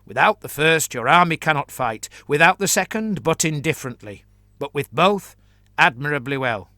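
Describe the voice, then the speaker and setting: Man playing a gloomy, thorough chancellor; earnest, crisp, dry sound. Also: on the high side, lively intonation, moderate pace, pushed and bright, dry recording. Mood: methodical. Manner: earnest, methodical, pessimistic.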